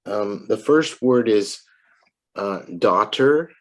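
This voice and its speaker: A woman gives a one-on-one pronunciation lesson, her voice sitting very low. She speaks slowly and patiently, repeating each word clearly and asking for it back. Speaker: English tutor.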